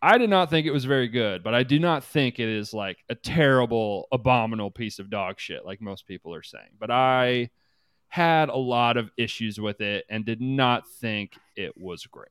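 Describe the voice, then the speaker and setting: Man, casual podcast chat, smooth resonant voice, dry close sound, rambling, swears a lot. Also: mid-range voice, lively intonation, moderate pace, fairly bright tone, no room sound. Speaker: podcast co-host.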